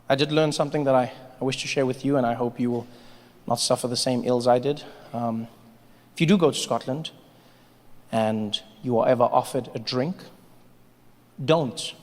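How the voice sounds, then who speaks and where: A man's voice: medium pitch, moderate pace, pauses often, slight background noise. A man performing stand-up comedy, telling a story and acting out the people in it. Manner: animated storytelling, acting out voices. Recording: live hall with reverb, faint ambience.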